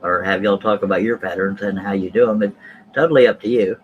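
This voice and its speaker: A man's voice: fairly low pitch, fairly even intonation, quick pace, lo-fi sound, a little hiss or hum. A man hosting a live stream, chatting casually and joking with viewers in a folksy way. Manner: folksy, jokey, addresses chat viewers.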